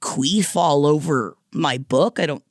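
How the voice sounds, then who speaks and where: A woman in her thirties co-hosting a podcast, telling stories with lively acted-out quotes in a casual chat. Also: low-pitched, takes it slowly, no room sound, studio quality. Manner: animated storyteller, acts out exasperated quotes. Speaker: podcast co-host.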